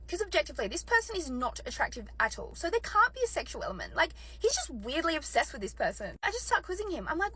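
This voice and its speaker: A woman's voice: very high voice, fast talker, hardly any pauses, low-quality recording. A young woman telling a personal story in an emotional monologue, her voice cracking and jumping up when she gets outraged. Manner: animated, voice cracks and rises to near shouts when outraged. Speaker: storyteller in a clip.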